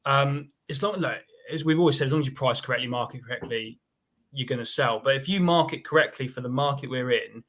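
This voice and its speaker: A man's voice: mid-range voice, fairly bright tone. A man, an estate agent, talking loosely and conversationally on a video call. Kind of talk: casual chat.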